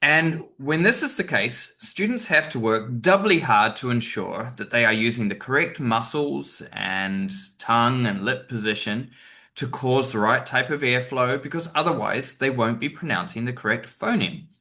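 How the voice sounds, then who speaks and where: A man with a mid-range, pushed and bright voice and lively intonation talks at a moderate pace in a casual teacher-training webinar. He relies heavily on fillers and asides, occasionally acting out example sentences with stress.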